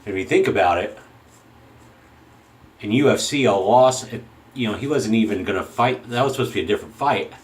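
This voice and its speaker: In poor audio, a man with a lowish voice talks fairly quickly with frequent pauses as he hosts a shaving channel. His casual monologue is opinionated and rambling, and he often interrupts himself mid-sentence.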